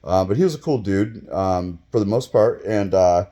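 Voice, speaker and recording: A man in his fifties telling a casual story, rambling and profane, with many fillers and sudden bursts of excitement. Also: sits low, normal speed. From Michigan, US. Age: 50s. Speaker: vlogger telling his own stories.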